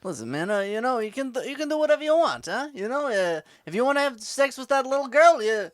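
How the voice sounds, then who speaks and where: A man doing a high Boston wiseguy. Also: big pitch swings, fast, no room sound, clean studio sound. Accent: Boston put-on. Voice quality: gruff wiseguy, bada bing catchphrase. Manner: rambling, stumbling, full of fillers. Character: Boston-accented impression of a small tough-guy actor playing Morpheus. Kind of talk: improvised comedy sketch.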